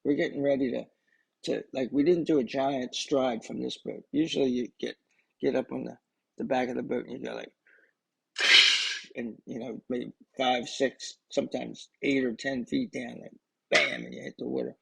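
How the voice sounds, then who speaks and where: On a poor recording, an older man rambles casually through a personal story meant for his grandchildren, often starting over and wandering into asides. He speaks at a moderate pace in a medium pitch with fairly even intonation, some vocal fry and a breathy edge.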